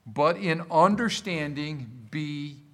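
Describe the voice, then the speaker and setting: A pastor preaching a sermon to his congregation, quoting scripture in a lively voice and putting questions to the room. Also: on the high side, takes it slowly. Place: church service.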